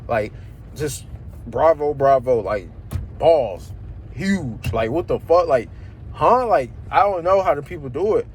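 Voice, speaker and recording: A man's voice: fairly high pitch, a little hiss or hum. A young man venting in a rambling, slang-heavy, swear-filled vlog rant about his job. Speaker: vlogger. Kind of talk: ranting vlog.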